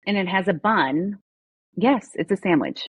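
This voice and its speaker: A woman chatting as a podcast guest, cheerful and talkative, quick to laugh. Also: mid-range voice, expressive, breathy edge. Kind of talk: casual interview chat.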